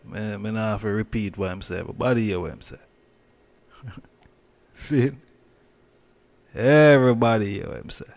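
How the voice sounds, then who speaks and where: A man's voice: lowish voice, creaky, a little mellow. A man with a Jamaican accent hosting a casual commentary vlog, repeating himself and stressing his points. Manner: repetitive, emphatic, drawn-out phrasing. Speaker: channel host.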